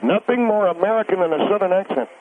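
Speaking quickly in a high voice, this man phones a radio show to rant insistently and without much order. Words trip him up and he keeps repeating himself; the phone audio is tinny with faint hiss.

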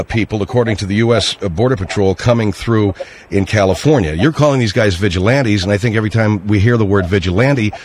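A man's voice: lowish voice, a little hiss or hum. A man hosting a call-in radio show, cutting in with pointed questions and pushing back on his guest. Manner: interrupting, pressing questions. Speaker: radio talk show host.

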